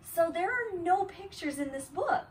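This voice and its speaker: A mother in her thirties playfully reading a silly picture book aloud to her child at home, with animated delivery. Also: very high voice, unhurried, recorded from a distance, a little hiss or hum. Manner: animated, silly voices, laughing while reading. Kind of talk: playful read-aloud storytelling.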